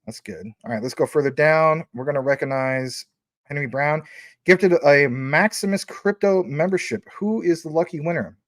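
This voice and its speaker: A man's voice: fairly high pitch, normal speed, no room sound, clean studio sound. A man hosting a casual livestream, reading out viewer super chats in a chatty, rambling way and giving names a playful emphasis.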